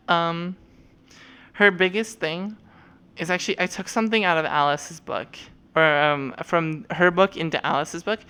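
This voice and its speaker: A woman's voice: lowish voice, steady tone, unhurried, bright, forceful tone, smooth. A young woman streamer chatting casually and rambling with lots of fillers and swearing while showing off avatars.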